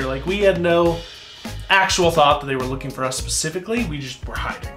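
Animated storytelling man in a roomy space. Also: a little high, fast talker. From United States. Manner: animated, rambling storytelling with laughs. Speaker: guest. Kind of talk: casual storytelling in an interview. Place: indoor set, eating spicy wings. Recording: roomy room with faint music.

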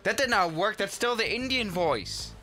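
A young man hosting a live flight-sim stream, chatting casually and excitably with many restarts. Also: high-pitched, moderate pace, faint music behind.

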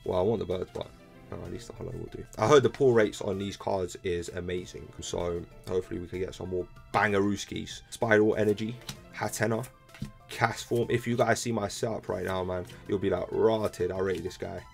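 A young man, chatting casually to viewers while opening trading cards, excitable and full of slang. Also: sits low, fairly quick, gravelly, soft background music. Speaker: card-opening video host. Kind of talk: casual card-opening commentary. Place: room at home. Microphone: laptop camera.

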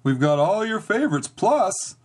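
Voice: mid-range voice, big pitch swings, a little slow, slightly rough, pitched above the performer's own voice. A reader voicing a cheerful, easygoing father who teases his son. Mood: jolly. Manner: cheerful and chuckling.

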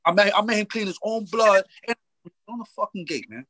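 A man's voice: high-pitched, fairly quick, no room sound. Slangy man telling a story, dry sound. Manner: animated, slangy, repeats phrases, acts out dialogue. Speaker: guest. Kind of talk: casual storytelling in an interview.

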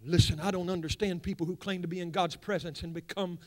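A pastor with a notably high voice delivers a sermon in a church. He drops into quiet, confiding asides, then builds and rises to loud, ringing declarations. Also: fairly even intonation, quick pace. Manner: swings from hushed asides to loud rising preaching. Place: church sanctuary.

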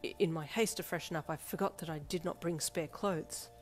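A woman's voice: deep voice, fairly quick, soft background music, close to an everyday voice. A woman voicing a polite, earnest teenage boy who speaks in stiff, formal phrases in a fan fiction audiobook.

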